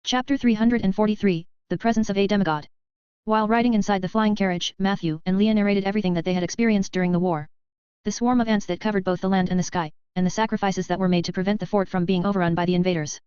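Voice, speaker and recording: A woman reading a web novel as an audiobook in a quick, even narration with barely changed character voices. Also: medium pitch, smooth, dry recording. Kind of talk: scripted narration. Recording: slightly dull, dry sound.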